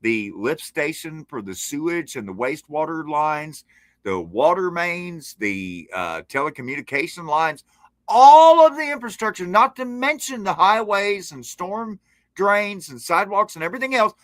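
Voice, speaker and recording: Forceful man. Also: a little high, expressive, normal speed, dry recording. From Appalachia. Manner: impassioned, sardonic ranting. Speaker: podcast guest. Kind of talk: casual conversation. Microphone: remote streaming call.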